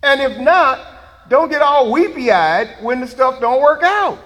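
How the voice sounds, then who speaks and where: A man's voice: very high voice, expressive, slow pace, fairly bright tone, long reverb tail. A man preaching a sermon, laughing and making asides to the congregation. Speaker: pastor.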